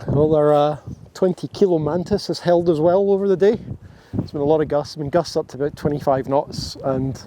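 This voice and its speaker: A man's voice: a little high, a little fast, background noise. A man, chatting casually on a sailing vlog, rambling and easygoing. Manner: relaxed, rambling, chatty with his dogs. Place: aboard an anchored sailboat.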